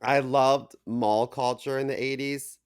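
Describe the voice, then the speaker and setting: A man's voice: mid-range voice, steady tone, unhurried, clean tone. A man co-hosts a podcast with dry, teasing humor and a plain mid-range voice. The sound is close and dead, with no echo at all. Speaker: podcast co-host. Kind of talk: casual comedic chat.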